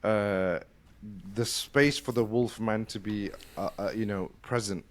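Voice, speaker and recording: A middle-aged man from the UK, hosting a casual conversation and telling a story fast, with lots of restarts. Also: lowish voice, fairly even intonation. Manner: fast-talking, full of restarts. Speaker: podcast host.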